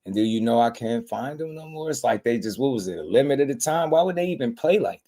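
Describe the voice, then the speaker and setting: A man's voice: medium pitch, lively intonation, a little fast, warm tone. A man hosting a boxing channel in casual chat, talking in laid-back slang and laughing often.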